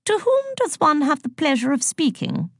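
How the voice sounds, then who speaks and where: A gracious elderly queen, unhurried and politely formal, as a woman reader puts her on. The voice sits well above the reader's own, light and high in a very dry, close sound. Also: very animated, a bit bright, dry recording, full character voice. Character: gracious, composed elderly queen, calm and courteous.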